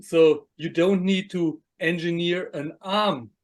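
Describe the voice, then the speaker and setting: A man's voice: fairly high pitch, fairly even intonation, takes it slowly. A man hosting a podcast interview, reflecting enthusiastically on his guest's point. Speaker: podcast host. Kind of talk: casual interview chat.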